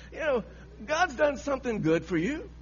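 A man's voice: very high voice, big pitch swings, unhurried. A man preaching a sermon, telling a story with frequent laughter and repeated phrases, on a dull lo-fi recording with a faint hum.

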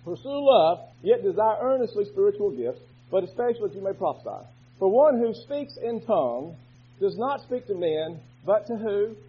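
Fervent high-voiced husky male preacher. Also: sing-song, moderate pace. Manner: fervent, swings from quiet talk to shouting. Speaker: pastor. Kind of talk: sermon. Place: church. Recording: dull lo-fi recording.

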